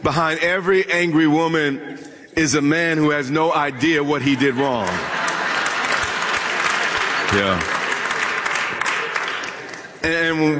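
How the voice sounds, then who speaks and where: A pastor with a fairly bright voice on the high side preaches a humorous sermon, joking with his congregation and asking them questions directly. The church hall holds a live audience, and the recording carries a long reverb.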